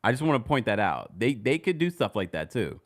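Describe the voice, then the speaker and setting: Animated, chatty man recapping a show. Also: fairly quick. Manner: animated, bursts into high-pitched exclamations and laughs; chatty, many restarts while retelling scenes. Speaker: reality TV recap host. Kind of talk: casual commentary recap.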